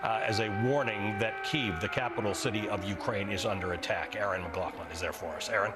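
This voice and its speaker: A man anchoring broadcast news in a steady, formal delivery. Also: on the low side, brisk, over loud music.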